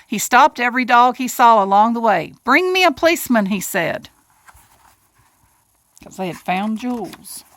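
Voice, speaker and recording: Pausing often at a measured pace, a woman with a rather high, somewhat bright voice reads a children's picture book, voicing the characters and chatting briefly to her listeners. The recording is dry.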